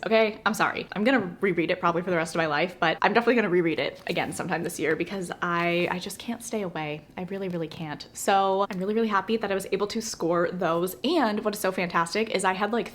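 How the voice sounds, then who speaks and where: A young adult woman chatting casually at home in a reading vlog, gushing excitedly about new books with lots of fillers. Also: mid-range voice. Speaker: book vlogger. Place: room at home.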